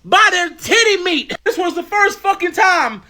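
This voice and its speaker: High, bright, profane ranting man. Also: normal speed. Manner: loud, profane, animated ranting. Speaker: online commentator in a reacted-to clip. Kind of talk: ranting comic commentary.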